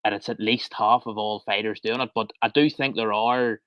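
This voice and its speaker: A man's voice: lowish voice, fairly even intonation, normal speed, muffled recording. A man co-hosting a podcast, speaking hesitantly with frequent restarts in casual chat. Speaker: podcast co-host.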